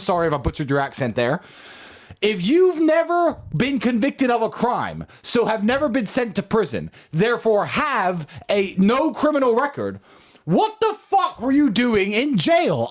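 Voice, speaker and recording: Excitable man with wildly swinging pitch. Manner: excitable, profane storytelling with big swings. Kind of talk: casual chat.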